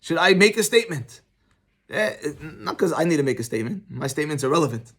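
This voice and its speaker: A middle-aged rabbi with a fairly high voice gives a casual Torah class, moving easily between the text and his own anecdotes. He talks in an animated, conversational way, like he's chatting with the room. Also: fast talker, slightly rough.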